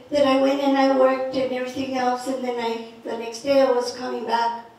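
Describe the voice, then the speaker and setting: A woman telling a personal story in a lively, playful way, mixing in Spanish words. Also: sits high. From Northern New Mexico. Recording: echoey room, speaker far from mic.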